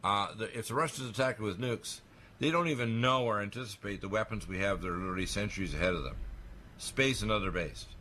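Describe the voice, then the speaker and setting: A man's voice: on the low side, fast, pushed and bright, slight background noise. A man talking on a radio talk show, pressing his claims emphatically and piling one alarming point onto the next.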